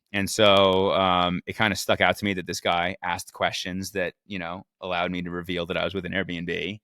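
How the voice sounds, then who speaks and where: Bright-voiced man telling a rambling story. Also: on the low side, steady tone, normal speed, smooth, dry recording, clean studio sound. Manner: rambling, many fillers and restarts, swears. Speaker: vlogger recapping a race weekend. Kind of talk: casual storytelling.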